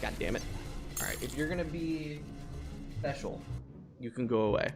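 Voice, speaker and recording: A man's voice: on the high side, normal speed, loud music behind the voice. A man streaming a video game live, talking to chat in a profane, exasperated rant. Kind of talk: live gaming stream commentary.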